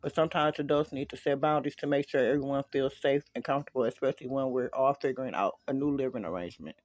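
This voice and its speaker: A man voicing a calm stepfather in a read-aloud fan story, speaking gently and carefully. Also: mid-range voice, fast, no room sound, lightly acted. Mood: gentle.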